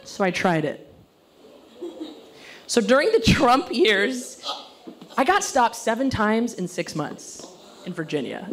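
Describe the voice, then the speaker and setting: A woman in her thirties performing a stand-up comedy set on stage, acting out other people's voices in quick bursts. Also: fairly high pitch, a little hiss or hum. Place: stage before a laughing audience.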